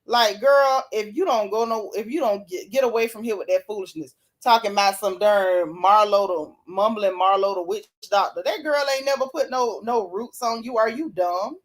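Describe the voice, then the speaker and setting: A woman hosting a casual live-stream recap, reading viewer comments and talking with sassy, animated flair, often yawning and laughing. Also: mid-range voice, normal speed, hardly any pauses. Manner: sassy, animated, Southern Black vernacular gossip. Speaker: reality TV recap host reading live chat.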